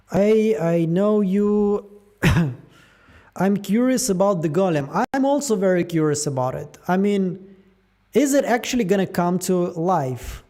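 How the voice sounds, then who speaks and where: High-voiced man musing over show theories. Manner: musing aloud, animated, trailing fillers. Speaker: show theory channel host. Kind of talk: casual theory breakdown.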